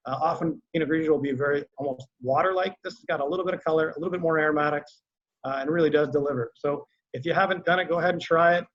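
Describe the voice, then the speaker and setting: A man, a winery sales rep, talks through a wine tasting in a relaxed, conversational way on a video call, with many fillers. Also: fairly high pitch, rapid-fire. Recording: muffled lo-fi call audio.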